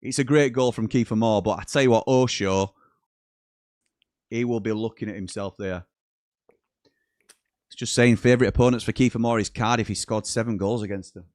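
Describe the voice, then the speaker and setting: A man's voice: on the low side, moderate pace, pauses often, dry recording, clean studio sound. Chatty man hosting a football watchalong. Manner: chatty, reads out live chat messages, excitable at goals. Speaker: watchalong host. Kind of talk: live football watchalong commentary.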